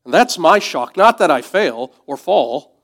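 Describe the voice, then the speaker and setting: A man preaching a sermon in a conversational, reflective way, dropping to soft asides. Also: on the high side, big pitch swings, a little slow. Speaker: pastor.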